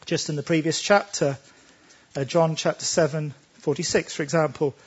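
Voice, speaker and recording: Man, sermon, emphatic, rhetorical questions, husky voice, dull lo-fi sound. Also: a little high, steady tone, moderate pace. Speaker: preacher.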